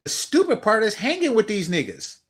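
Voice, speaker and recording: Man ranting with lively, high pitch. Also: a little fast, breathy edge. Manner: heated, repetitive, swearing. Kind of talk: profane ranting commentary.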